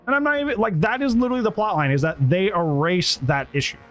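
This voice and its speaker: A man giving a casual, rambling review of a TV episode, animated and acting out bits of dialogue. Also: sits high, quick pace, soft background music. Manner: animated, rambling, acts out quotes. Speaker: TV show reviewer.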